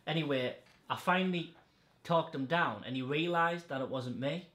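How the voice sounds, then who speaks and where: A man's voice: fairly high pitch, moderate pace, fairly bright tone, slight background noise. A man hosting a podcast, telling stories in a blunt, sweary, casual way. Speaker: podcast host. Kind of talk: casual chat. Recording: echoey room.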